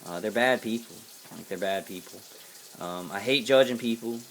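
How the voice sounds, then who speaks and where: A man's voice: fairly low pitch, normal speed, fairly bright tone, slight background noise. An American man giving a casual to-camera monologue as a vlogger, angry, profane and rambling with many fillers and restarts. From United States.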